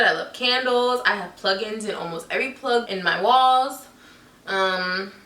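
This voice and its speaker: A loud, goofy young woman talking through a casual vlog with a bright, forceful tone. She sits back from the mic in an echoey room. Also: medium pitch, recorded from a distance. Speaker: vlogger.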